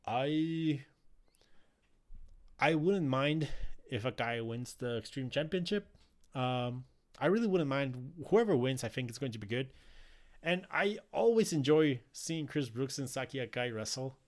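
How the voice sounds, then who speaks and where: A man's voice: medium pitch, expressive, normal speed, a little mellow. A man casually recapping a wrestling show, rambling with many fillers and restarts. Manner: rambling, frequent fillers and restarts, laughs easily. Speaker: wrestling podcast host.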